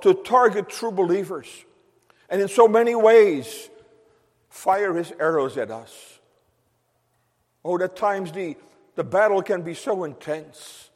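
A man's voice: high voice, darkish tone. A man preaching a sermon as pastor, fervent and exclamatory, in a church sanctuary. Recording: long reverb of a large church.

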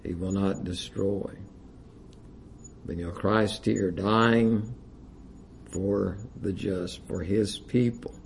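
A man's voice: low-pitched, fairly even intonation, slow pace, creaky, pauses often, a little hiss or hum. A man preaching a sermon, reading King James scripture aloud with rising emphasis and using frequent "you know" fillers.

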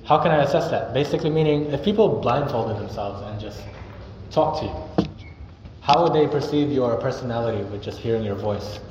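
A man's voice: medium pitch, a little fast. Young man, sermon, earnest conversational preacher, reverberant hall, dull lo-fi sound. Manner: earnest, conversational, acts out example greetings. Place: church hall. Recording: echoey, dull hall recording with noise.

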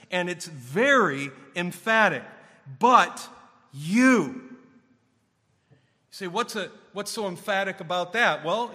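A male pastor delivering a sermon with a high, bright, ringing voice. He presses his points hard, rising in force and then dropping low. A long church-hall reverb trails behind every phrase. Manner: emphatic, building to raised intensity then dropping low.

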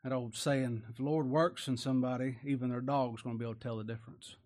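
A man's voice: mid-range voice, steady tone, fast, a little mellow. A man preaching a folksy sermon, often asking rhetorical tag questions and chuckling.

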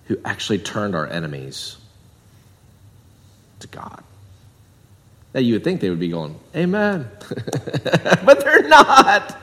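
A man preaching a sermon in a chatty way, jumping from loud emphatic bursts down to quiet asides. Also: lowish voice, in a large hall. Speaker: pastor.

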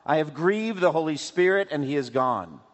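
A man voicing a despairing man shut in an iron cage, who laments slowly in a high voice. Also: expressive, highs cut off, close to an everyday voice. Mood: anguished lament. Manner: slow, wailing lament. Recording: long hall reverb.

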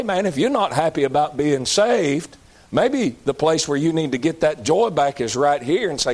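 A Southern man preaching with a folksy, emphatic delivery. His voice sits fairly high and swings widely in pitch, and he rises to a shout at times. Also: lively intonation, moderate pace. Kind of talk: sermon.

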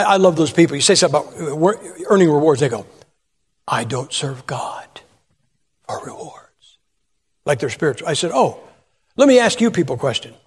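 High husky guy preaching, folksy funny stories, church hall with long echo. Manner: folksy storytelling, acts out voices, rhetorical questions. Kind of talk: humorous sermon with anecdotes. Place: church sanctuary.

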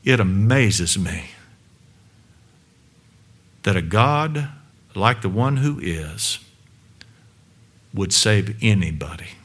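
A male preacher delivering a sermon to a congregation in a church room, emphatic, with many rhetorical questions, swinging between loud and hushed. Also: on the low side, animated, takes it slowly, pauses often.

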